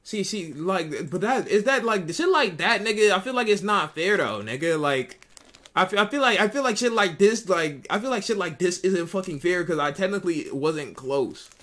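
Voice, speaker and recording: A man's voice: sits high, expressive, moderate pace, fairly bright tone. A young adult man streaming live, giving casual, profane commentary and repeating himself a lot as he talks to his chat.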